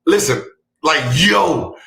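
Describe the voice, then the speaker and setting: A man hosting a podcast, telling a comic story with bursts of laughter, shouted punchlines and mouthed sound effects. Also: on the high side, animated, slow pace, vocal fry, roomy sound. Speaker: podcast host. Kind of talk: comedic storytelling.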